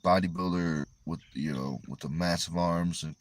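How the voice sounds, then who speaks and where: Deep-voiced New England man on a livestream. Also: fairly even intonation, moderate pace, no echo. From Connecticut. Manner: rambling, easygoing, thinks aloud with hesitations. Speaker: arm wrestler and livestream host. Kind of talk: livestream chat, reading viewer comments aloud.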